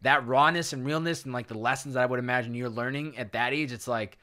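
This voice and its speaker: A man's voice: mid-range voice, fast, sharp tone. A man hosting a podcast, chiming in with short encouraging remarks in casual chat. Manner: encouraging, chimes in with short affirmations. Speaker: podcast host.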